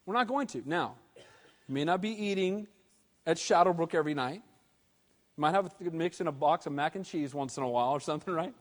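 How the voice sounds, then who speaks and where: A man preaching a sermon as pastor, animated and conversational, with casual slang. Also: fairly high pitch, fairly quick. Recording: long hall reverb.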